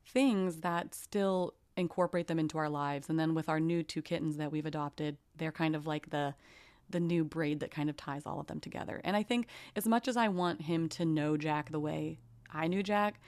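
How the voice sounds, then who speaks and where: Low-voiced woman hosting a heartfelt chat. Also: steady tone, normal speed, a little mellow, no echo. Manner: heartfelt, full of "like" and restarts. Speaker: podcast host. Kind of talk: casual conversational interview.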